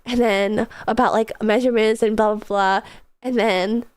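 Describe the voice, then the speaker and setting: A woman's voice: fairly high pitch, steady tone, moderate pace, clear, resonant tone. A young woman streamer with a stuffed-up nose from a cold, rambling casually to her chat with lots of fillers and giggles. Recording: soft music behind.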